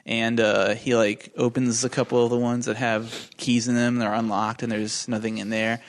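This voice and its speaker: A man of ordinary pitch retells a movie plot to friends on a casual podcast. He rambles, laughs often and swears freely as he acts out the characters' lines. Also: little pitch movement, normal speed. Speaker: podcast co-host. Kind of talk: casual movie recap chat.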